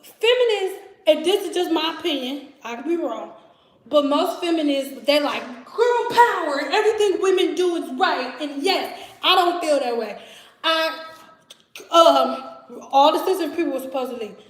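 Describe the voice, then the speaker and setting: Chatty high-voiced woman from Detroit. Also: moderate pace, reverberant. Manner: chatty, animated, laughs often, acts out voices. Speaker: vlogger. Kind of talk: casual storytime chat. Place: home kitchen.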